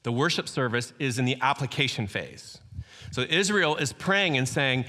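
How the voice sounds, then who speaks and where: A middle-aged man preaching a sermon in a lively, conversational storytelling way, often acting out voices. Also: medium pitch, normal speed. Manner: animated, acts out quoted voices, conversational storytelling. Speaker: pastor. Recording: hall reverb.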